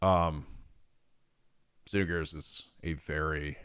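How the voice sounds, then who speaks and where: A man's voice: extremely low pitch, slow, clean tone. A man chatting casually on a livestream, reading viewer messages and answering with laughter and frequent swearing. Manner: profane, laughing, animated. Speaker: streamer.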